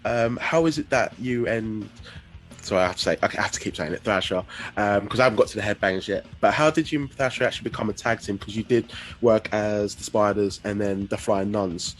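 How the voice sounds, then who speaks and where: A man's voice: on the low side, a little fast, faint music behind. A man from Britain hosting a casual podcast interview, asking questions and reacting with enthusiasm. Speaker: podcast host.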